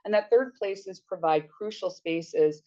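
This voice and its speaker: Low-voiced woman lecturing. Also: dark tone, lo-fi sound. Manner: measured, with small restarts and fillers. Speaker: sociology professor. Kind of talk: lecture reading from her own book.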